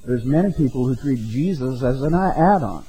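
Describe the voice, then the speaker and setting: A man delivers a sermon in a relaxed, talk-to-you way, checking in with "okay?" and "right?". His voice is mellow and a little husky, with soft music faintly underneath. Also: mid-range voice, moderate pace, poor audio. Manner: conversational, peppered with "okay?" and "right?". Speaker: pastor.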